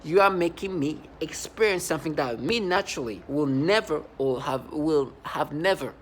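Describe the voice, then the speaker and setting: A man in his thirties giving a personal testimonial, halting, often repeating and restarting words. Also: fairly high pitch, slight background noise. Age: 30s. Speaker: vlogger.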